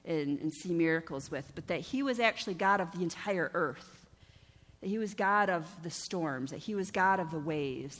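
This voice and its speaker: A middle-aged woman pastor giving a conversational, lively sermon, often checking in with the congregation. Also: lowish voice. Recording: long church-hall reverb.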